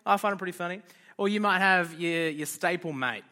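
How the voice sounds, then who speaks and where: Bright high-voiced youth leader. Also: male voice, fairly quick. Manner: chatty, joking, loose and informal. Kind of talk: casual youth group talk.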